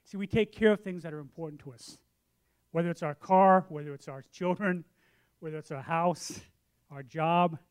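A man preaching a sermon in a church, telling stories with lively acted-out voices. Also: on the high side, moderate pace, clean tone. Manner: animated storytelling, acts out his own voice and others'. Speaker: pastor. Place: church sanctuary.

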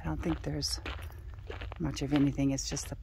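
A woman's voice: deep voice, little pitch movement, normal speed, noisy background. A woman filming a casual vlog outdoors on a mountaintop, slightly out of breath and chatting to her viewers on a handheld camera. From Arizona. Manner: chatty, talks to her dog. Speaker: vlogger.

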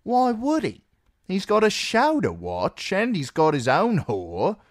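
A high, coy young girl from a storybook reading, sweet on the surface and sly underneath, her phrases swinging up and down, as a male narrator puts her on. The read is close and dry. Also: huge pitch swings, takes it slowly, no room sound, heavily acted. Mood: pleading.

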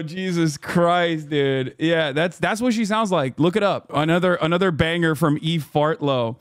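High-voiced dude ranting on stream, blunt and sarcastic, dry close mic. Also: male voice, no echo. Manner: fast, blunt, sarcastic, swears often. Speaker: streamer host. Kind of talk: casual live-stream commentary.

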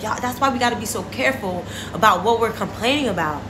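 A woman's voice: a little high, lively intonation, moderate pace, background noise. A woman leading a casual daily Bible devotion, talking directly to her listeners in a conversational way. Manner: conversational, addresses listeners as y'all. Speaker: devotion leader. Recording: roomy echo.

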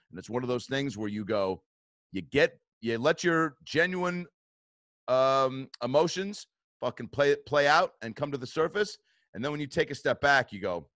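The studio-quality, dry recording features a male podcast host whose medium-pitched voice has a fairly bright tone. His storytelling is casual and heavy on swearing, and he laughs in bursts while acting out what people said.

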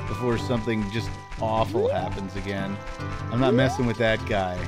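A man streaming a video game, chatting casually and answering his viewers as he plays. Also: medium pitch. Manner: relaxed, chatty, reads and answers chat. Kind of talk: casual live-stream gameplay chat. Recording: game music behind the voice.

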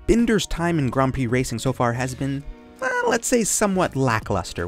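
Joking male motorsport channel host. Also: mid-range voice. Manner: joking, sarcastic asides. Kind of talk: scripted casual commentary.

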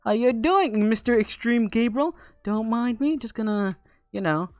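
A young man giving excitable, jokey live commentary over a game, teasing the players he fights. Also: very high voice, unhurried, clean tone, dry recording, clean studio sound. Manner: excitable, jokey, talks to opponents. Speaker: gaming YouTuber.

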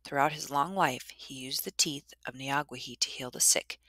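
A woman telling a traditional story in a measured, dramatic narration. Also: rumbling low, sharp tone, no room sound, clean studio sound.

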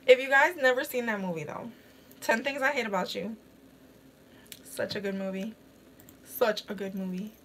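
A young woman with a higher voice chats in a relaxed, unhurried way during a face-mask session, breaking into giggles often. She talks about a movie and answers comments from her chat, and her speech is loose and full of fillers. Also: a little hiss or hum. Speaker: beauty vlogger. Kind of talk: casual chat while wearing a face mask.

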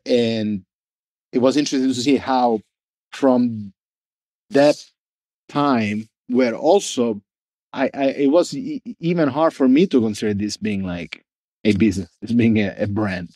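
A man being interviewed about the brand he founded, talking casually and haltingly, often restarting as he searches for words. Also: medium pitch, darkish tone, no echo. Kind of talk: casual conversation.

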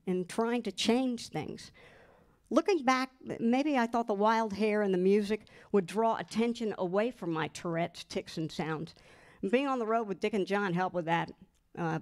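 A woman reads a memoir aloud at a mid-range pitch. Her delivery is expressive and lively, and she gives the quoted lines their own voices. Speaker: guest reader.

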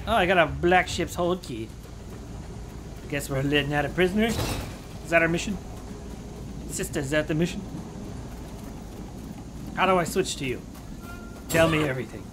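A gaming channel host provides let's-play commentary, loud and exclamatory, yelling at enemies and dropping sarcastic asides. The voice is mid-range at a moderate pace with frequent pauses, against a noisy background.

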